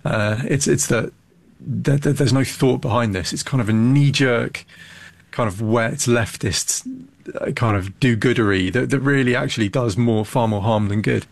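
A man's voice: medium pitch, normal speed, creaky. A man, a think tank fellow, giving blunt, emphatic political commentary as a guest, often restarting his phrases.

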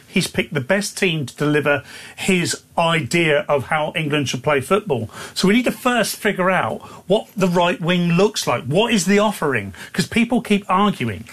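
Man co-hosting radio, slightly high voice. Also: fairly bright tone. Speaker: radio co-host. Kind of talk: casual radio chat.

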